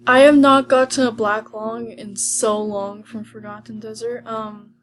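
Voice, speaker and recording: Female gaming vlogger, slightly high, slow talker, giddy reactions, frequent whispers. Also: slight background noise. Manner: excitable, often drops to a whisper. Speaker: gaming video host. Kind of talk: casual gameplay commentary.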